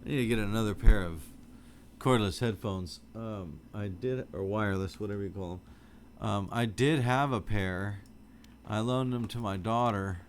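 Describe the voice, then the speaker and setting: Deep-voiced, sleepy man streaming a game. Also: moderate pace, slight background noise. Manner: relaxed, rambling, sleepy with frequent yawns. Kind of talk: casual chat with viewers while playing. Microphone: studio microphone with wired headphones.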